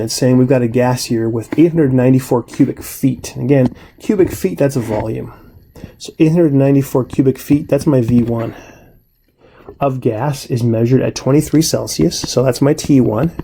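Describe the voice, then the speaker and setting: A man teaching chemistry in a recorded lecture, explaining step by step in a relaxed, conversational way and checking in with "right?". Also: mid-range voice, moderate pace, creaky, slight background noise.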